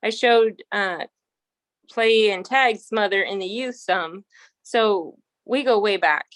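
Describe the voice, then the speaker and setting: A woman in her thirties, a horse trainer, chats her way through a family story, doubling back on her words and breaking into laughs. Her voice sits at an ordinary middle pitch and sounds close and dry, with no room around it. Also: slow pace, a bit bright, no echo. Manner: rambling, frequent restarts, laughs while telling stories. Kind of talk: casual storytelling interview.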